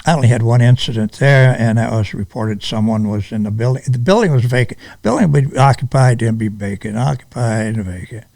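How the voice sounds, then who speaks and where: An older man from Michigan, a retired police sergeant, telling stories in an interview in a halting, unhurried way with many restarts. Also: mid-range voice, gravelly, darkish tone, no echo. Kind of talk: casual storytelling interview.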